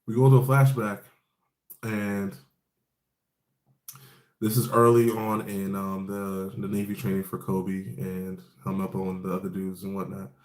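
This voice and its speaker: Man, low-ish voice, casual rambling recap, swears a lot, echoey room. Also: completely flat delivery, unhurried, pauses often, a little mellow. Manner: rambling, profane, laid-back storytelling with fillers. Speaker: anime episode recap host.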